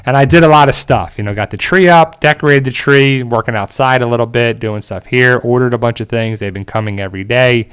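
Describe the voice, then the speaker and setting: A man chatting casually as a stream host, moving from one comment to the next in a loose, rambling way. He jokes often and breaks into easy chuckles, at an ordinary middle pitch for a man. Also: a little fast, hardly any pauses, a bit bright, smooth. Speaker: channel host reading viewer chat. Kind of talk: casual livestream chat.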